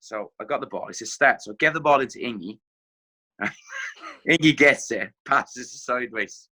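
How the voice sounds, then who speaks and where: A middle-aged man with an Irish accent, a former footballer telling animated anecdotes as a podcast guest, acting out what others said. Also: mid-range voice, moderate pace. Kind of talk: casual podcast storytelling.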